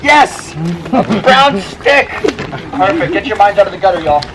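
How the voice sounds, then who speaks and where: A man with a fairly high voice guides a hike, chatty and upbeat, trading corny jokes with the group. He talks outdoors on a mountain trail. Clear wind and outdoor noise sit behind him. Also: animated, measured pace. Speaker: hiking tour guide. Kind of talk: joking tour narration.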